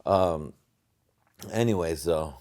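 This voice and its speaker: Low dark-voiced american guy ranting loose and profane on his podcast, keeps swerving off topic. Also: takes it slowly. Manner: profane, digressive, laughing at his own jokes. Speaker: podcast host. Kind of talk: rambling solo podcast monologue.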